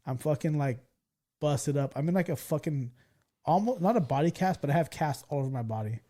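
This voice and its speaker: A man in his forties from California, hosting a podcast and telling stories in a loose, profane, excitable way. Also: on the high side, fairly quick. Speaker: podcast host. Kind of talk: casual storytelling chat.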